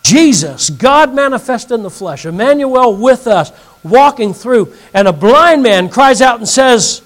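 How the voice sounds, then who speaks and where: A man's voice: extremely high pitch, animated, unhurried, poor audio. A male pastor teaching an evening Bible lesson, reading scripture aloud and putting questions to his audience.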